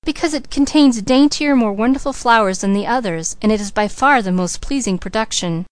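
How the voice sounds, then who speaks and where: A woman's voice: fairly high pitch, brisk, smooth, no echo, natural voice. A woman reading the lines of a proud society lady in an audiobook, speaking decidedly. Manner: decided, cutting. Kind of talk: audiobook character voice.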